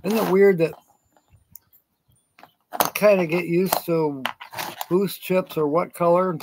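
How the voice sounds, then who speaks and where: A man talks slowly in a somewhat high voice, chatting loosely to viewers on his live stream. He rambles from thought to thought, chuckles often, and greets people in the chat by name. He is outdoors in the sun. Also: steady tone, background noise. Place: outdoors in sunshine.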